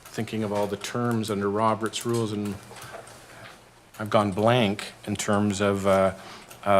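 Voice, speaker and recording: Man, low voice, halting explanation full of ums, council meeting, faint background noise. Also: fairly bright tone. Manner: halting, many fillers and restarts. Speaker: staff member presenting governance bylaw.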